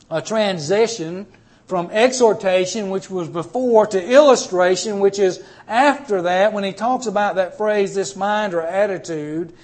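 A man preaching a sermon. He speaks emphatically, with sudden swings in loudness and repeated words. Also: sits high.

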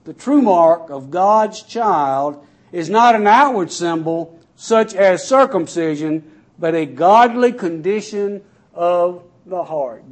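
A man's voice: animated, takes it slowly. A man preaching a sermon, reading scripture aloud and then explaining it in plain words, his voice rising and falling for emphasis. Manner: raises and lowers his voice sharply for emphasis.

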